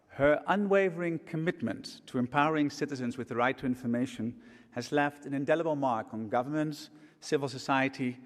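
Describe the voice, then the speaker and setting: A man speaking on stage at a conference, giving an earnest, measured memorial tribute from a podium microphone. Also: mid-range voice. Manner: earnest, measured, warm remembrance. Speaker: conference speaker, program chief. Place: large conference hall stage. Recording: long hall reverb.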